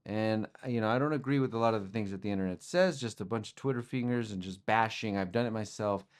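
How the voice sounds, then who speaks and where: A man's voice: fairly low pitch, quick pace, smooth. A young man hosting a podcast, talking through sports news in a rambling, casual way with lots of fillers and restarts. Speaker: podcast host.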